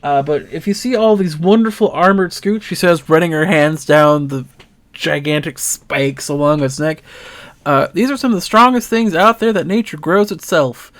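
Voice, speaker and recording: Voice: mid-range voice, moderate pace, lightly acted. A game master voicing a cheerful, folksy female creature who runs the stables and talks in a country drawl. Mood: chatty. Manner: drawling country talk, affectionate. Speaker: stable keeper.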